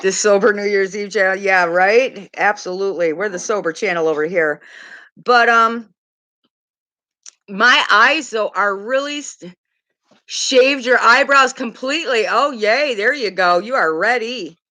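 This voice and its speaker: Bright-voiced chatty middle-aged woman. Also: mid-range voice, measured pace. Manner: chatty, rambling, laughs often, swears casually. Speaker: makeup livestream host. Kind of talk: casual livestream chat reading comments.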